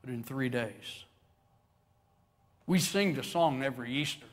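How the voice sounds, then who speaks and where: A man's voice: medium pitch, a little slow, pauses often. A man preaching a sermon as pastor, telling stories animatedly and acting out the quotes with chuckles. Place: church sanctuary with long reverb.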